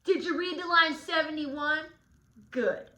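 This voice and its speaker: Brief: woman playing a brash, touchy young swordsman Tybalt for a lesson; high, bright voice, echoey room. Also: measured pace. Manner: slangy, sarcastic paraphrasing. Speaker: teacher in character as Tybalt. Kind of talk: in-character guided study.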